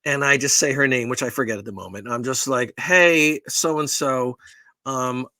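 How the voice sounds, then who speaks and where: A man's voice: mid-range voice, quick pace, bright, forceful tone, no echo. A middle-aged man co-hosting a podcast, telling a rambling, profane, self-deprecating story in casual chat. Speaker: podcast co-host.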